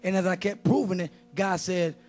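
Male preacher with a high pitch and a loose, animated style that keeps cracking jokes while he preaches. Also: normal speed, faint music behind. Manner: animated, joking, conversational street-style preaching. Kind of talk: lively sermon.

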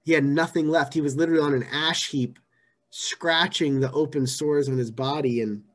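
A man preaching a sermon in a conversational way, repeating phrases and moving between hushed and emphatic delivery. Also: fairly high pitch, steady tone, normal speed. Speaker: pastor.

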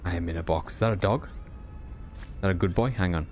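A man's voice: low-pitched, quick pace, a little mellow, soft background music. A man streaming a stealth game from his home setup, joking and swearing as he talks to his chat. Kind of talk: casual live-stream commentary. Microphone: desk condenser microphone.

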